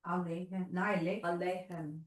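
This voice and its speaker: A woman's voice: on the low side, little pitch movement, moderate pace. A woman learning to read scripture, hesitantly repeating words after her teacher. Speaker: student.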